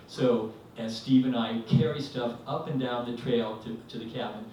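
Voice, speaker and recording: A man spins a rambling story at a live storytelling night, stopping and restarting, acting out what people said. His mid-pitched voice comes from some way off the mic and rings through a very echoey hall, with faint noise underneath. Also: moderate pace, recorded from a distance. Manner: rambling, animated, acts out quotes. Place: live event venue, indoors.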